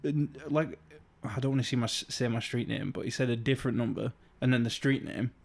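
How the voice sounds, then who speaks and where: A young man from England co-hosting a podcast, easygoing and quick to laugh as he tells stories. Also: medium pitch, gravelly. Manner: laughs often, easygoing, trails off. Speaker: podcast co-host. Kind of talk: casual chat.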